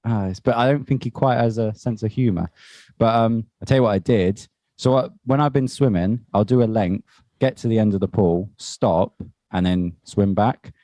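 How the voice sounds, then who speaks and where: A man with a low, mellow voice, chatting casually as a podcast co-host. He tells stories at length and laughs easily. The sound is close and dry. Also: normal speed, no room sound. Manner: chatty storyteller, laughs often. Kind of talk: casual chat.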